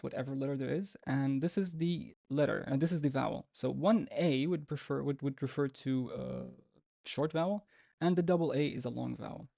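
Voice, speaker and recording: Man with a low gravelly voice teaching. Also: dry recording, studio quality. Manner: patient, repeats example words slowly many times; relaxed and informal, with fillers and restarts. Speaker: Arabic teacher. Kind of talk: live online language lesson.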